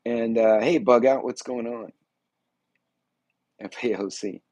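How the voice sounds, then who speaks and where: Husky-voiced man hosting a casual livestream. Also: mid-range voice, slow pace, darkish tone, no echo. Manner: rambling, folksy, greets chat viewers by name. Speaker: livestream host. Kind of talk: casual political livestream chat.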